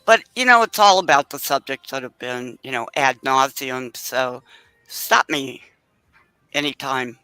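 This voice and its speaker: A woman calling into a livestream, speaking slowly and hesitantly with polite phrasing. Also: very deep voice, bright, forceful tone, clear, resonant tone, no echo, low-quality recording. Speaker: caller on a livestream. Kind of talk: casual call-in chat.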